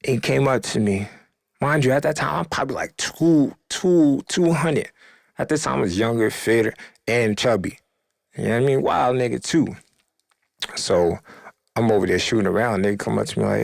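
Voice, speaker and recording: Gravelly young man telling a story. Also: fairly low pitch, normal speed, no echo, studio quality. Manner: animated, acts out quoted voices, rising loud when excited. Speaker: podcast host. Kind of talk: casual storytelling.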